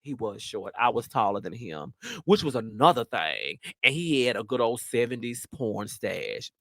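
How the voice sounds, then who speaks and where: A man's voice: mid-range voice, expressive, moderate pace, a bit bright, no echo, clean studio sound. Brash, sassy male storyteller. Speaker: host. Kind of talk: casual storytelling.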